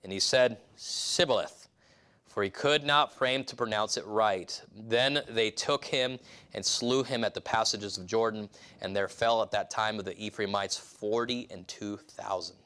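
A man's voice: fairly low pitch, moderate pace, bright, forceful tone, clear, resonant tone. A male pastor giving a casual, rambling sermon with many restarts and asides, acting out quoted voices.

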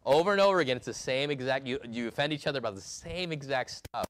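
A male pastor preaching a sermon, emphatic, swinging between loud and hushed delivery. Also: mid-range voice, animated, quick pace.

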